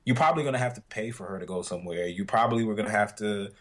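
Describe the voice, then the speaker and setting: Southern-accented man, low voice, casual rambling. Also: very fast. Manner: rambling storyteller, many fillers and restarts. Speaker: podcast co-host. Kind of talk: casual chat.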